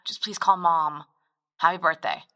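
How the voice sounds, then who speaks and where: A woman's voice: lowish voice, steady tone, normal speed, bright, forceful tone. A woman acting an exasperated, bossy sister in her thirties who leaves a scolding, blunt voicemail.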